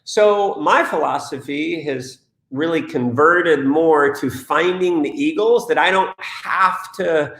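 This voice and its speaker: In a live Q&A, a man coaches network marketers, reading out viewer questions in an energetic, motivational way. His voice is on the high side and slow-paced, recorded in an echoey room.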